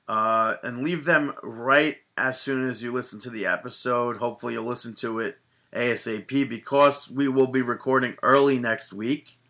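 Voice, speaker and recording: A man co-hosts a podcast in loose, joking chat, dropping curses and restarting his thoughts. His voice is bright and clear. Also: mid-range voice. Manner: loose, joking, swears freely. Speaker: podcast co-host.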